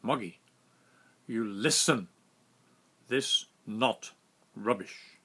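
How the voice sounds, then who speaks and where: A man voicing a stern ship's captain who speaks in clipped, broken English, loud and emphatic. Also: on the low side, very slow, breathy edge, heavily acted.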